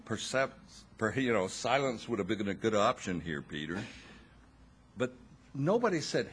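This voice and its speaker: Slow, expressive, husky male preacher. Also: fairly low pitch. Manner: slow, expressive preaching with dramatic pauses and wry asides. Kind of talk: sermon.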